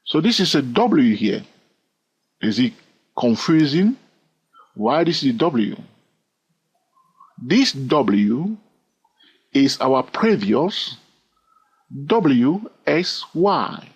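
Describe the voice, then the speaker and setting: A man with a non-native English accent walks through trading charts in a chatty, teasing way, his pitch swinging up and down as he talks. His voice is a little husky. The recording sounds dull and lo-fi. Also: big pitch swings, drawn-out words, pauses often. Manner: chatty, teasing, checks in with "all right?". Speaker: trading educator. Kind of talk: screen-recorded chart lesson.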